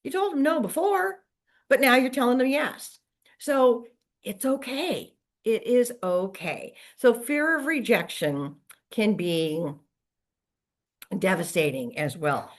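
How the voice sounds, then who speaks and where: A woman's voice: a little high, slow pace. A middle-aged woman coaching real estate agents in a casual motivational talk, acting out quoted lines as she goes. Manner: lively, conversational, acts out quoted lines.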